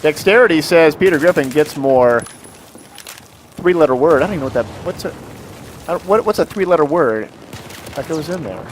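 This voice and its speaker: A man calling live esports play-by-play, excitable and jokey, reading viewer chat aloud between plays. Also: a little high, fairly quick, pauses often, a little hiss or hum. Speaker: esports commentator.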